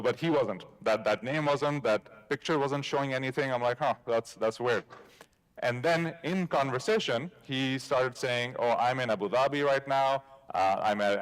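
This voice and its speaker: A man giving a conference talk, telling a story in a casual way and acting out bits of dialogue. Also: medium pitch. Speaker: conference speaker. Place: conference stage.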